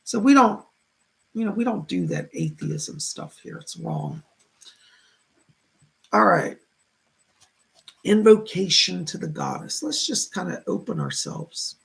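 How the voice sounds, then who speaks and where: A man with a heavily gravelly, fry-laden voice talks casually to his live-stream audience. He is chatty and effusive and greets viewers one by one. He talks in an easy, rambling way, with fillers. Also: high voice, wildly swooping pitch, slow, long pauses, fairly bright tone. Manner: chatty and effusive, greets viewers by name and reads their comments. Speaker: psychic livestream host.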